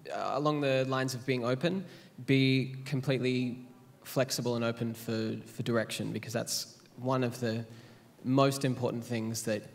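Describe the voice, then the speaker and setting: A man's voice: medium pitch, fairly even intonation, normal speed, vocal fry. A man on a panel, giving earnest, emphatic advice. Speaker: graduate on a panel. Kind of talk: panel discussion.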